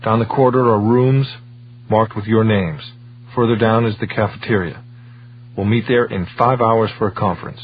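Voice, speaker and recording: A man voicing a calm male scientist leading a team, giving instructions matter-of-factly in an audiobook reading. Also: fairly low pitch, normal speed, highs cut off, a little hiss or hum, close to an everyday voice. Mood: businesslike.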